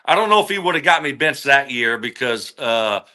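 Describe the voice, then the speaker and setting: A former wide receiver in his forties, appearing as a podcast guest, tells a story in a medium-pitched, bright, forceful voice. He speaks briskly with lively intonation, casual and animated, his voice jumping up as he replays his own outbursts.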